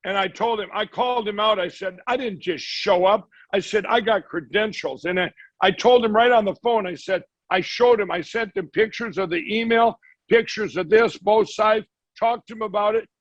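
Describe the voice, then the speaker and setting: A man's voice: high-pitched, moderate pace, dry recording. A man, a guest, telling a long rambling story and acting out the quoted dialogue as he goes. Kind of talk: storytelling in a conversation. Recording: slightly dull audio.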